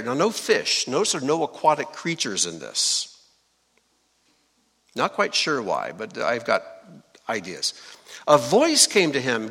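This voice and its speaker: Lively preacher in a reverberant hall. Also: male voice, medium pitch, a little slow, long pauses. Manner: lively, asks the congregation questions. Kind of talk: sermon, teaching scripture.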